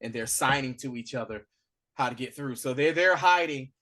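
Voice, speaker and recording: A man co-hosting a podcast, giving a casual, animated recap of a TV episode and acting out the characters' lines. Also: medium pitch, normal speed. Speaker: podcast co-host.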